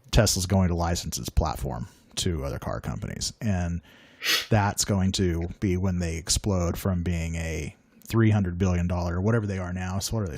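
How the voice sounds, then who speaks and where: A man with a fairly low voice speaks emphatically on a tech podcast, pressing his opinions hard. The sound is dry and close, with no room echo. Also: darkish tone. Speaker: podcast co-host. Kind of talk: casual panel discussion.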